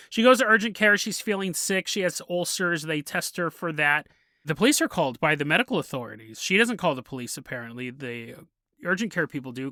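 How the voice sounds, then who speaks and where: A man's voice: high-pitched, bright, forceful tone, dry recording, clean studio sound. A man hosting a podcast, telling a story casually, often laughing and acting out the people in it. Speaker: podcast host.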